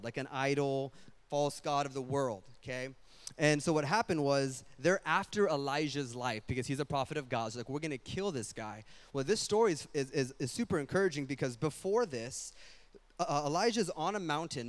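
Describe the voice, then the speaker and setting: Young guy pastor preaching super casual, slangy, kinda high smooth voice. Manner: casual, animated preaching with slang and quick asides. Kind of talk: sermon.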